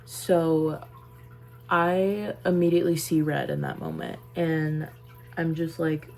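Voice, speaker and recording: Low, gravelly young woman telling her story. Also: lively intonation, slow pace, darkish tone. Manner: casual, emphatic, repeats phrases. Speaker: vlogger. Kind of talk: personal storytelling to camera.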